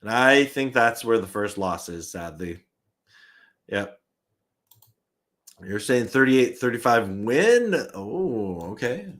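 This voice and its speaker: A man's voice: mid-range voice, very animated, slow, pauses often, fairly bright tone. A young man hosting a live fan stream in casual chat, reading viewer comments aloud, chuckling often and restarting his sentences.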